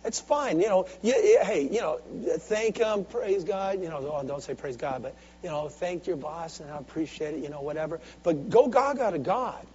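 A man preaching a sermon with call-and-response, swinging from soft, intimate asides to loud, driving exhortation. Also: a little high, expressive, moderate pace, few pauses, husky. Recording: dull lo-fi recording with faint hum.

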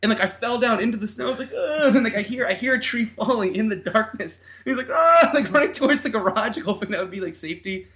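A man's voice: sits high, quick pace, hardly any pauses, a bit bright. A man co-hosting a podcast, telling a story in casual chat, acting out voices and laughing as he goes. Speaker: podcast co-host.

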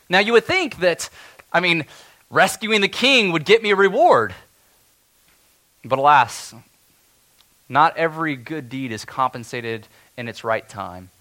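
A man performing a dramatic first-person biblical monologue as a steadfast, defiant elder, earnest and stirring, swinging between loud declarations and hushed tension. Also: medium pitch.

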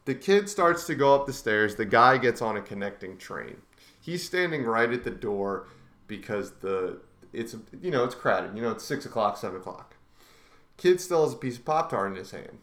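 A young man co-hosting a podcast, telling a story in casual chat, animated and swearing freely. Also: mid-range voice, normal speed. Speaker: podcast co-host. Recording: echoey room.

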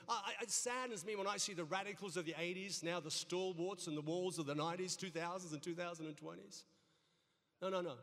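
High-voiced middle-aged pastor preaching in a reverberant church. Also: male voice, a bit bright. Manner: folksy storytelling with humor, repeats words. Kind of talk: sermon. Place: church sanctuary. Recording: long reverb of a church hall.

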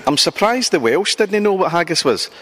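A Scottish man presenting a comic travel show, joking and bantering quickly with people he meets. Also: sits high, big pitch swings, a bit bright. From Scotland.

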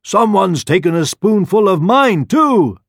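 Storybook mother bear, indignant and exclaiming, raised high pitch; a man doing the voice. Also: big pitch swings, unhurried, no echo, clean studio sound, full character voice.

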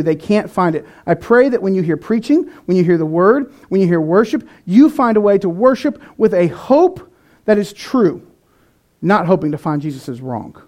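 High-voiced earnest male preacher. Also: a little mellow. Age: adult, past eighteen. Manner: earnest, conversational preaching with restarts. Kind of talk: sermon.

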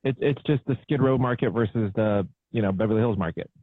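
A male entrepreneur being interviewed, talking in a relaxed, matter-of-fact way over a remote call. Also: fairly low pitch, fast talker, no room sound. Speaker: entrepreneur guest. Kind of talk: casual conversational interview. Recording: dry, husky tinny call audio.

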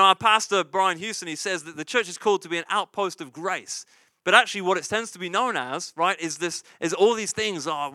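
A man's voice: high voice, pushed and bright, dry recording. A man preaching a sermon as pastor, in a conversational style, often asking "right?" and repeating key lines for emphasis. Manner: conversational preaching with frequent "right?" and "you see".

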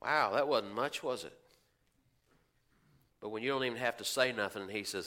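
A man's voice: lowish voice, normal speed, sharp tone. A male pastor preaching a sermon in a folksy way, asking the congregation questions and acting out the voices of churchgoers. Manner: acts out quoted voices of churchgoers.

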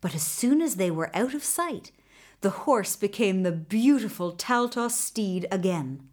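Unhurried, expressive woman storyteller. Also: mid-range voice. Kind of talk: storybook narration.

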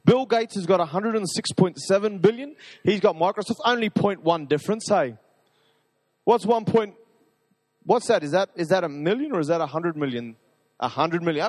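A man preaching a sermon to a live audience, talking in an energetic, rambling, enthusiastic way. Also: high voice, in a large hall.

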